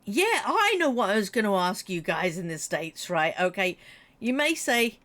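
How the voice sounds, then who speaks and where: A woman's voice: mid-range voice, very animated, normal speed, fairly bright tone. A British woman streaming a game and chatting casually with her viewers. She has a runny nose, jokes a lot, and reads out and answers messages from chat. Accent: British English. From Britain. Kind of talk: casual chat while gaming.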